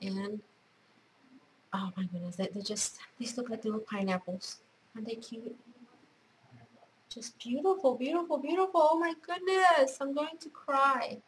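A woman's voice: fairly high pitch, moderate pace, long pauses, slight background noise, rough recording. A middle-aged woman chatting at home as a craft vlogger, gushing and effusive as she shows off gifts. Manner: gushing, effusive, repeats praise words. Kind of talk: casual unboxing chat.

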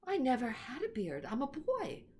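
A woman's voice: high-pitched, huge pitch swings, normal speed, warm tone. A woman voicing a timid, frightened young boy who answers meekly and politely. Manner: meek and polite.

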